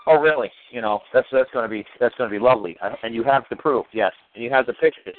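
Over a tinny, dry phone line with a little hiss or hum, a man speaks fast at a medium pitch. Calling in to a casual chat as a guest, he recounts a legal dispute in a heated, profane story and acts out the arguments.

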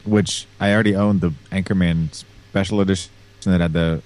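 A man's voice: low-pitched, steady tone, moderate pace, darkish tone. A man co-hosting a podcast, chatting casually and rambling with lots of fillers. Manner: rambling, hesitant, with many fillers. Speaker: podcast co-host. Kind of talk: casual chat.

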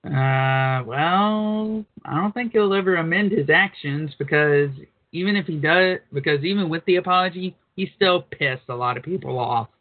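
Crude radio co-host guy, kinda high voice, tinny phone-ish audio. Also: moderate pace, few pauses. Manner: crude, blunt, reads news aloud with asides. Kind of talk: casual uncensored talk radio. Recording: phone-like narrow band.

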